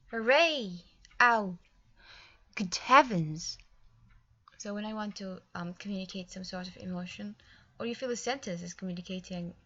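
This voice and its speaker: A woman's voice: mid-range voice, muffled recording. A woman teaching a recorded English grammar lesson, explaining patiently step by step with small fillers.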